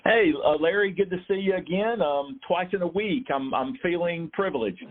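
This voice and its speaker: A man's voice: sits high, moderate pace. Man from southern Maine on a tinny line. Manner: steady and explanatory, with some fillers. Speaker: guest, program developer. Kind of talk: explaining in an interview.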